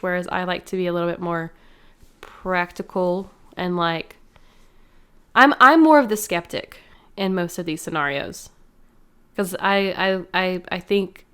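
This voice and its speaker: A woman's voice: fairly low pitch, fairly bright tone, clear, resonant tone. A young woman co-hosting a podcast, talking things through casually in a thoughtful, hesitant way with many fillers. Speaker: podcast co-host. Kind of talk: casual chat.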